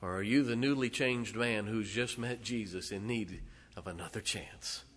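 A male preacher delivering a sermon, retelling a story dramatically with sudden loud swells and hushed drops. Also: fairly low pitch, moderate pace.

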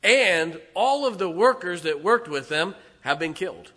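A male preacher delivers a sermon as a dramatic story. His voice is bright and forward, and he slips into the voices of the people in the tale as he goes. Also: high-pitched, lively intonation, a little slow. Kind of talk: sermon retelling a Bible story.

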